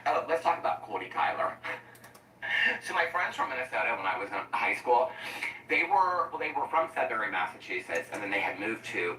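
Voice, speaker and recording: This lowish, pushed and bright voice belongs to a tired commentary YouTuber who laughs a lot and jumps between stories while cooking. It's a rambling, casual kitchen vlog, picked up by a distant mic in an echoey room with some background noise.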